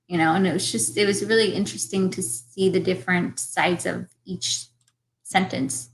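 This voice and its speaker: A woman's voice: lowish voice, steady tone, moderate pace, slight background noise, rough recording. A woman, an actress, chatting with enthusiasm as a guest in a radio interview. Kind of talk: casual interview chat.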